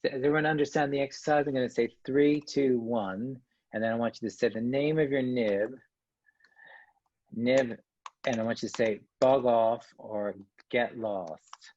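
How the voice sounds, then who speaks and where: A man's voice: medium pitch, fairly even intonation, normal speed, darkish tone, no echo, lo-fi sound. A man giving an online conference talk, joking and coaxing his audience to join in. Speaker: workshop speaker.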